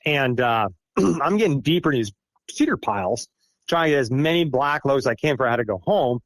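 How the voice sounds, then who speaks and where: A man's voice: mid-range voice, animated, a little fast, dry recording. A middle-aged man from Iowa, a podcast guest telling a personal story casually, rambling and self-deprecating with many fillers. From Iowa, United States. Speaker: guest recounting an encounter.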